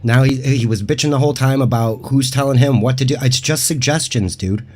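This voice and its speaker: A man's voice: medium pitch, fairly quick, darkish tone. Brief: man, odd-sounding voice, loose rambling co-host, casual commentary. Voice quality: unusual-sounding voice. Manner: loose, rambling, often restarts.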